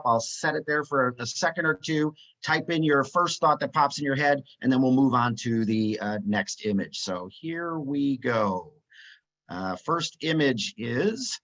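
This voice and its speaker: A man's voice: mid-range voice, fairly bright tone, rough recording. A man presenting a live webinar, upbeat and chatty, reading out chat replies with many "uh" fillers.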